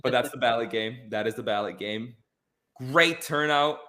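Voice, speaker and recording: A man hosting a casual film podcast, animated and repeating phrases for emphasis. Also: mid-range voice, moderate pace. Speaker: podcast host. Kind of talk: casual chat.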